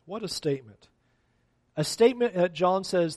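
A man's voice: high-pitched, expressive, normal speed, long pauses, a little mellow, no room sound. A man preaching a sermon as a pastor, acting out quotes of complaining people along the way.

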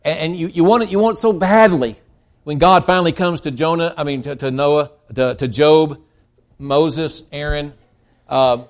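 A man preaching a sermon, emphatic and swinging between loud stresses and quiet drops, with frequent restarts. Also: on the high side, moderate pace. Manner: emphatic, rising and dropping in volume, with restarts.

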